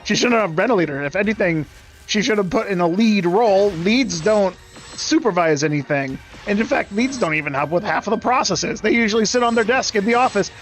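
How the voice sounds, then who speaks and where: Young man, high voice, sarcastic profane rant, casual game stream, faint music behind. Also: expressive, a little fast. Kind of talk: casual rant while gaming.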